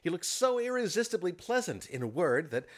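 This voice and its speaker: A man narrating a classic story aloud with animated expression. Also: high voice, fairly quick. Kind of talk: storybook reading.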